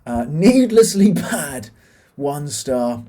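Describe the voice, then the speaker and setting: Young British man, mellow tone, casual exasperated film reviewer with lots of ums and restarts. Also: a little high, sing-song, slow pace. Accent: British English. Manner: exasperated, ranting, frequent fillers and restarts.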